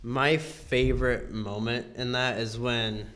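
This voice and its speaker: A man's voice: mid-range voice, level tone, takes it slowly, fairly bright tone. A man co-hosting a casual interview, talking hesitantly with lots of filler words. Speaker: co-host.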